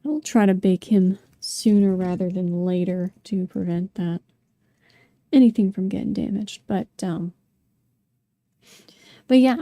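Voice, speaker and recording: Young woman, casual sculpting vlog, very mellow dark tone, dry close mic, rambling and apologetic. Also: mid-range voice, no room sound. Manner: chatty, apologetic, filler-heavy. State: hiccuping. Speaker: sculpting vlogger. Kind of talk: casual talk while sculpting.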